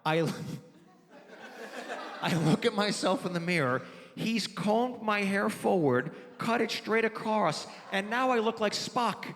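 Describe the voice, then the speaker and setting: A male stand-up comic tells stories on stage in a somewhat high voice, acting out both sides of each exchange. His voice carries a long reverb from the live venue, with audience laughter behind him. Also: animated, slow, a crowd in the background. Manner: conversational storytelling, acting out both sides of dialogue. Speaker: stand-up comedian. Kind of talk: stand-up comedy set.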